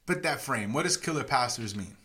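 Joking podcast cohost, bright sharp voice, faint noise in the background. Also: male voice, mid-range voice, lively intonation, a little fast. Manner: joking, chimes in with quips. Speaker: podcast co-host. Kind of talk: casual chat.

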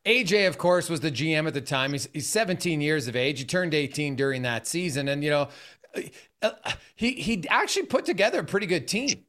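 A male podcast host with a fairly high voice asks loose, chatty questions. He talks in a relaxed, conversational way, as between two sports fans. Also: fairly quick. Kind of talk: casual interview questions.

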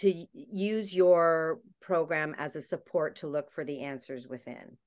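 Low-voiced woman hosting an interview. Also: measured pace. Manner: calm, affirming questioner. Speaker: interview host.

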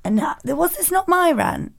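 Mujer inglesa malhablada y directa. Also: female voice, high voice, moderate pace, creaky. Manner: sweary, blunt, animated. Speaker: podcast co-host. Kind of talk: casual chat, reading listener rants.

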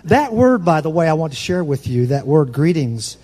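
A pastor preaching a sermon, nervous and fast-talking, with folksy asides that swing between soft remarks and loud, ringing proclamation. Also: male voice, a little high, big pitch swings. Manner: folksy, self-deprecating asides.

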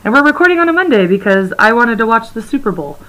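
A young woman co-hosting a podcast in rambling casual chat, her voice slightly hoarse and froggy. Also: on the high side, very animated, quick pace, a bit bright, poor audio. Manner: rambling, chatty, laughs often. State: slightly hoarse, froggy from talking loudly at a bar. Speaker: podcast co-host.

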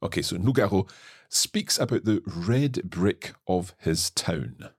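Deep husky Scottish man teaching. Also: lively intonation, dry recording, studio quality. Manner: patient, measured explanations. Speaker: French teacher and podcast host. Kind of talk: explaining a text line by line.

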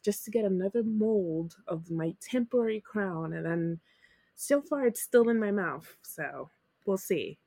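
A woman co-hosts a casual chat podcast, still a bit rough-voiced after an illness. She rambles through stories with easy laughter, her middle-pitched voice sounding close and dry, with no room around it. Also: expressive, measured pace, mellow, no room sound. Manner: chatty, storytelling, laughs often. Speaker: podcast co-host.

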